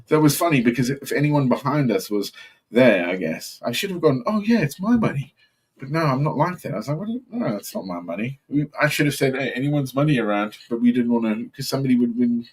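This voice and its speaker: A man's voice: medium pitch, slightly rough. A man, telling a story in a casual chat and acting out the voices of the people in it. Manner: animated storyteller, acts out voices.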